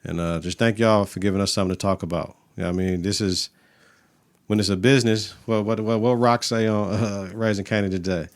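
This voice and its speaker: A man's voice: fairly low pitch, steady tone, fairly quick. A man co-hosting a casual podcast, talking loose and profane with a hyped, rambling delivery. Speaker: podcast co-host.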